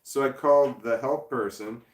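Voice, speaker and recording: A man's voice: medium pitch, normal speed, reverberant, far from the mic. A man hosting a casual livestream from a chair indoors, rambling and self-deprecating as he answers chat. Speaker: livestream host. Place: indoor room, seated in a creaky chair.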